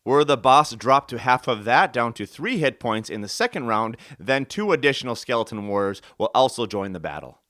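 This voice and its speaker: A man's voice: medium pitch, normal speed, hardly any pauses, no echo, studio quality. A man hosting a board game video, explaining the rules in an upbeat way and then narrating a solo game. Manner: upbeat and explanatory, lively intonation. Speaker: host and solo game runner.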